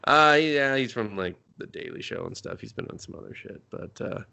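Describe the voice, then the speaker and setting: A man's voice: medium pitch, very animated, vocal fry, bright, forceful tone, smooth. A man co-hosting a movie review podcast, recapping a film with mocking sarcasm and constant swearing. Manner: mocking, swears often, acts out characters in quick voices.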